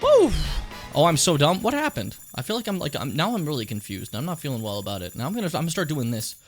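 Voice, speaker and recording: A young man casually commenting on his gameplay, rambling and swearing, with sudden high excited yelps. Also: fast talker. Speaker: streamer. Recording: game music playing behind the voice.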